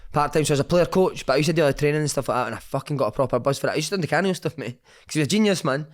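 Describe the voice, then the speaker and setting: A middle-aged Scottish man, a former footballer guesting on a podcast, telling stories in animated chat, swearing freely and saying "mate" at the end of most lines. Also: a little high, rapid-fire.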